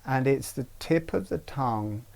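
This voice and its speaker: A man teaching a breathing practice in an online webinar, speaking gently and haltingly, with frequent pauses. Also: medium pitch, expressive, creaky. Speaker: meditation teacher.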